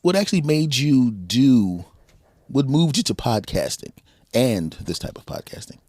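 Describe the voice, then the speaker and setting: A man hosts a relaxed podcast interview, chuckling often and rambling through his questions with plenty of ums. His voice sits at an everyday middle pitch, recorded close and dry. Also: measured pace, breathy edge, no room sound. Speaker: podcast host.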